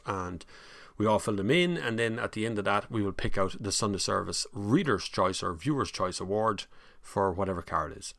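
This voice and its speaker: Gravelly Irish man chatting casually. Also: lowish voice, fairly bright tone, no room sound. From Ireland. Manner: chatty and rambling, laughs easily. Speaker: motoring live-stream host. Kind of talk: casual live-stream chat reading viewer comments.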